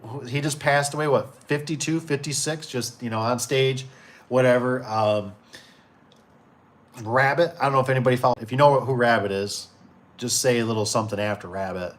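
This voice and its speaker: Speaking at normal speed with a medium-pitched voice, a man in his 40s runs a casual livestream for his door and gate business, reading viewer comments aloud and rambling with many fillers and restarts.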